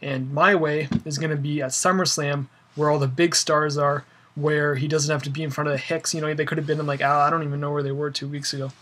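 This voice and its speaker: A man's voice: a little high, level tone, fairly quick, few pauses, a bit bright. A young man ranting casually about wrestling, rambling with lots of fillers and an exasperated tone. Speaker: wrestling fan vlogger. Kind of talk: casual opinion rant.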